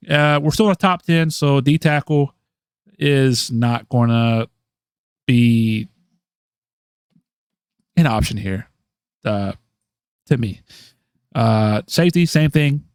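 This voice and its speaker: A man's voice: mid-range voice, slow pace, long pauses, clear, resonant tone, no room sound, clean studio sound. A man co-hosting a podcast, talking through draft picks in casual chat, thinking aloud with many ums and restarts. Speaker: podcast co-host.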